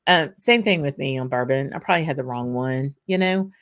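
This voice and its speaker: A woman's voice: very deep voice, fairly quick. A woman with a Southern US accent hosting a casual whisky livestream, chatting loosely with lots of ums and laughs as she answers viewer comments.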